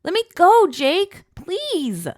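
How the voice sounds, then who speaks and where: A woman's voice: fairly high pitch, sing-song, normal speed, no room sound, studio quality, voice pushed up. A woman voicing a playful young heroine in an audiobook, teasing and protesting in a raised, squealing voice. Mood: panicked squeals.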